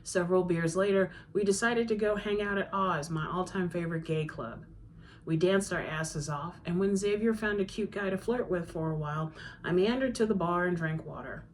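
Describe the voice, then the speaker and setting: A woman reads her own novel aloud in a fairly low voice. Her first-person narration is conversational and steady, with a faint background hiss. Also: moderate pace. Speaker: author reading her novel. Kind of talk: audiobook-style reading.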